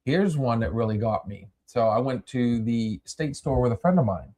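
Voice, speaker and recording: A man's voice: medium pitch, expressive, moderate pace, dark tone. A male podcast host spinning a story in loose, casual chat. His voice swings widely up and down as he gets worked up, and he swears freely and trips into restarts while he talks.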